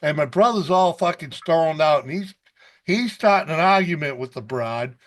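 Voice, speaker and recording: A man's voice: on the high side, lively intonation, moderate pace. A man hosting a casual video call chat, rambling through a profane story and laughing often. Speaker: host.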